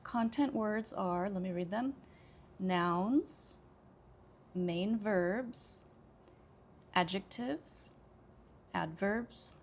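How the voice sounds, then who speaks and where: A woman's voice: mid-range voice, drawn-out words, pauses often, a little hiss or hum. An American woman teaching an English pronunciation lesson, explaining patiently with frequent "okay" and small hesitations. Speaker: ESL teacher.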